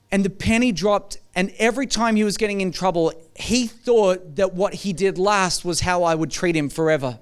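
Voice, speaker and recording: A middle-aged man delivers a sermon with a high, notably clear and smooth voice. He tells stories in a lively, conversational way, speaking straight to his listeners. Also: moderate pace. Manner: storytelling, shifts to a soft hushed voice when recounting a tender moment. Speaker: pastor.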